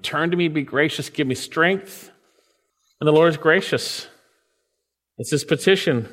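A man preaching a sermon, reading scripture aloud and explaining it with lively emphasis. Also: normal speed. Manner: lively, rises in pitch for emphasis. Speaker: pastor. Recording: reverberant hall.

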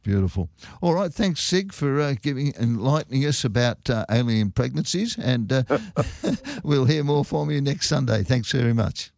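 Radio host guy with a gravelly voice, relaxed sign-off, dry studio sound. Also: medium pitch, normal speed, dry recording. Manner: relaxed, stumbling sign-off chatter. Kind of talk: casual radio hosting.

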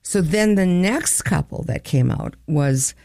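Woman cohost rambling along, gravelly, dry close sound. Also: on the low side, expressive, measured pace, warm tone, dry recording. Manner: rambling, chatty storyteller. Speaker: co-host. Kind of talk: casual chat.

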